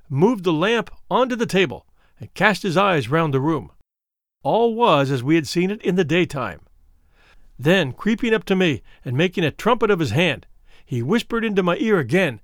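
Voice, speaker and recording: A man's voice: high-pitched, dry recording, studio quality. A man narrating a story in a dramatic, suspenseful reading style. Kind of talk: scripted narration.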